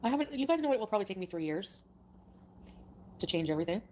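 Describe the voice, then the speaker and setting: A woman's voice: medium pitch, very animated, fast, dark tone, a little hiss or hum. A woman streaming live, chatting hesitantly and rambling as she reads out her chat.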